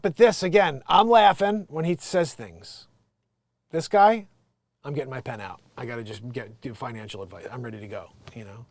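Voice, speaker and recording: A man hosting an improvised comedy news show, jumping between loud outbursts and muttered asides and talking straight to his viewers. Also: sits high, no room sound. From United States. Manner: chatty, addresses viewers as guys, lots of you know.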